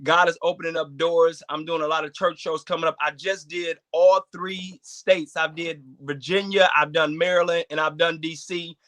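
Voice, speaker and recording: A man performing a stand-up comedy set as a guest, with animated, preacher-like call-outs to the audience. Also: fairly high pitch, normal speed, few pauses.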